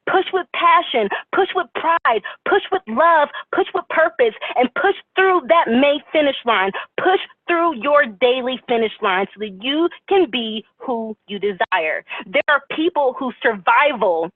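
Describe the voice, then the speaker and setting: A woman's voice: high voice, animated, a little slow, hardly any pauses, no room sound. A woman giving an emphatic, rousing motivational talk to her team on a conference call. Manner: rousing, emphatic, repetitive exhortation. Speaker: motivational speaker. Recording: tinny phone line.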